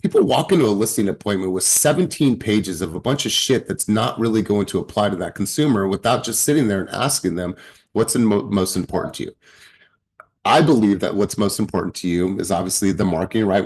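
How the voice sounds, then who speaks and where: A man's voice: lowish voice, breathy edge. A man coaching a sales team on a video call, blunt and profane, acting out client dialogue. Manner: blunt, profane, animated, acts out quotes.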